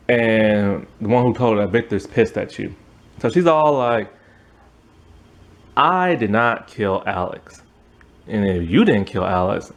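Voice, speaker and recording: A show reviewer with a fairly low-pitched voice gives a casual, animated recap and review of a TV series. He acts out the characters' lines in quick asides and now and then breaks into exasperated outbursts.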